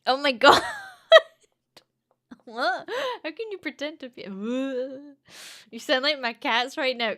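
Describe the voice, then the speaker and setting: High-voiced playful Scottish woman streamer. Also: slow pace, long pauses, sharp tone. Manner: playful, giggly, swears casually. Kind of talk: casual livestream chat.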